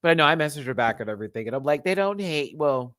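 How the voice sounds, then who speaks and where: A man's voice: medium pitch, very fast, a bit bright, no room sound, studio quality. A man reviewing a drag competition show in a livestream, sassy and campy, full of slang and frequent laughter, talking straight to viewers. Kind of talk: casual livestream commentary.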